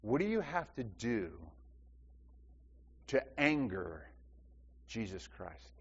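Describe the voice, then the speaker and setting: A pastor with a medium-pitched, husky voice preaches slowly in a sing-song manner, posing questions to the congregation and repeating phrases for emphasis. The recording sounds dull, with a long hall reverb.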